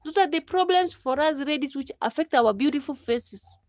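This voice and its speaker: A woman's voice: high-pitched, animated, normal speed, no room sound, studio quality. A Kenyan woman in her thirties chatting casually on her live stream, laughing often and slipping into preachy advice.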